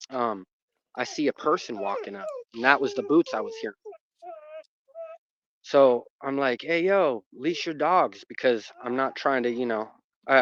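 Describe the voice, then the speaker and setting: A man telling a personal story about his dogs in a casual, rambling way, with lots of fillers and restarts. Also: medium pitch. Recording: muffled dry recording.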